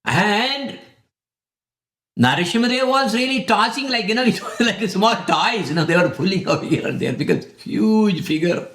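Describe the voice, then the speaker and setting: A man's voice: sits high, animated, moderate pace, fairly bright tone. A man giving a devotional sermon, telling the story dramatically and with lots of animation. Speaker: spiritual speaker. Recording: echoey room.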